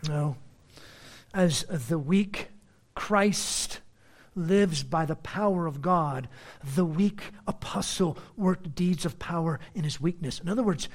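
A man preaching an expository sermon as a pastor, swinging between loud emphatic lines and quiet asides. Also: on the high side, lively intonation, slow pace.

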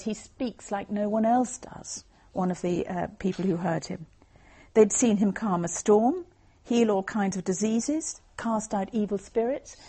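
In a warm, mellow voice with a husky, breathy quality, a woman pitched in the middle range for her sex presents a Christian evangelistic talk on the Bible. As a lay speaker, she explains things earnestly.

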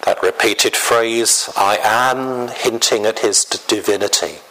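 A man preaching a sermon in a slow, deliberate way, often clearing his throat. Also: lowish voice, fairly even intonation, pushed and bright, rough recording.

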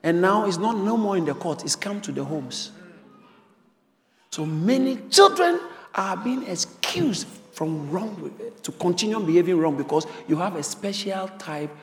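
A man's voice: high-pitched, lively intonation, unhurried. A man preaching a sermon as pastor, emphatic and repeating phrases for stress. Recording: reverberant hall.

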